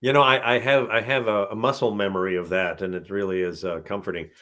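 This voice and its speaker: An older man, a voice actor, chats through questions in a relaxed, rambling way. His voice sits slightly low, and he breaks into easy laughs between thoughts. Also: fast. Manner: chatty, rambling, laughs often. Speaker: voice actor guest. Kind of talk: casual live-stream Q&A.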